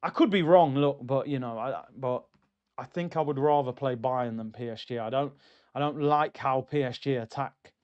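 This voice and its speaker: A young man hosting a football watchalong livestream, chatty and excitable, reading out viewer comments. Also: medium pitch, normal speed, smooth, highs cut off. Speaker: football streamer host.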